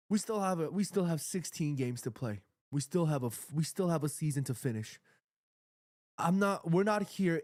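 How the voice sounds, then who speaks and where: An excitable man hosts a live football watchalong from his apartment, chatting to his viewers in loose, slangy fan talk that swings into emotion. His voice sits a little high. It sounds close and dry, like a home streaming mic. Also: no room sound. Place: home apartment with neighbors nearby.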